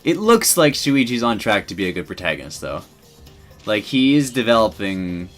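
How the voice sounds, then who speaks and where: A man with a fairly low voice talks through his feelings in a loose, rambling stream of thought. He restarts his sentences often and gets tearful in places. Faint music plays quietly behind him. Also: sing-song, normal speed. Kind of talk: casual rambling commentary.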